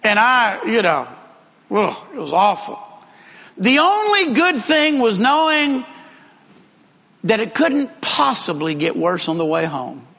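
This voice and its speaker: A man preaching a sermon, telling a travel story with lively emphasis and repeated phrases. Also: sits high, slow pace, gravelly. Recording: long hall reverb.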